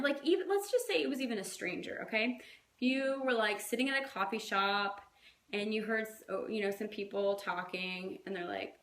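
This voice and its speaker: A woman's voice: fairly high pitch, a bit bright, reverberant. A woman coaching her team in a casual, chatty way, full of fillers and little acted-out quotes. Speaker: fitness coach.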